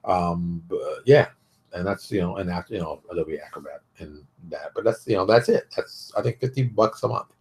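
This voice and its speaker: A middle-aged man with a lowish voice hosts his own show, talking straight to the viewer in a loose, unscripted way. He rants bluntly and gets animated as he hands out advice. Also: moderate pace. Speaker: show host. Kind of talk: casual advice monologue.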